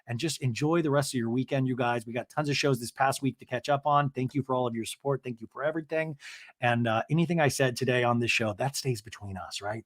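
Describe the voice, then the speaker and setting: A man hosting a podcast, recapping a reality show in an animated, gossipy way, swearing freely. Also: medium pitch, fast, dry recording, clean studio sound. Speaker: podcast host. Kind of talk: casual recap commentary.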